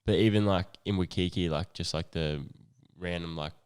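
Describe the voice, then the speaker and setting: A man's voice: low-pitched, normal speed, darkish tone, clean tone. A young adult man, co-hosting a podcast in a laid-back, sweary chat. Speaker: podcast co-host. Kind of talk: casual chat.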